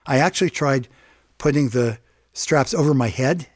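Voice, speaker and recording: A man telling a personal story in a reflective, halting way. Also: medium pitch, no room sound. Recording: music bed underneath.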